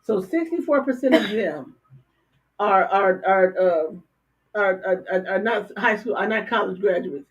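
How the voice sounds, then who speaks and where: An older woman co-hosting a casual talk show, blunt and animated, often stammering and repeating words. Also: medium pitch, measured pace. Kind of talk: casual political chat. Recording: dull lo-fi stream audio.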